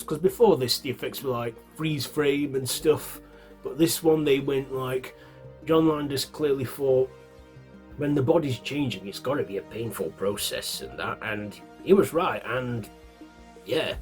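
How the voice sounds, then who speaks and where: Yorkshire guy rambling through a film review, lots of ums, middle pitch voice, bit of music quietly behind. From Yorkshire, England. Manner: rambling, with fillers and self-corrections. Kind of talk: casual spoken film review.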